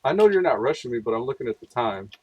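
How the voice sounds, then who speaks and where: A man's voice: medium pitch, sing-song, fast, dull audio, crowd noise. A man streaming a video game, rambling casually and thinking aloud as he plays. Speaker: gaming streamer. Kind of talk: casual gameplay commentary.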